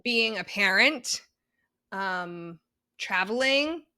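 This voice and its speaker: Bright-voiced chatty woman with a Boston accent. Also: mid-range voice, lively intonation, very slow, smooth, dry recording, studio quality. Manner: chatty and playful, rambling with fillers. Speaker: podcast co-host. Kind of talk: casual chat.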